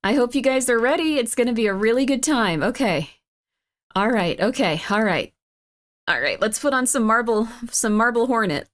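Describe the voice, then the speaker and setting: A woman streaming live, chatting casually and rambling, reacting to chat with sudden high squeals and wide swings in pitch. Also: lively intonation, normal speed, fairly bright tone.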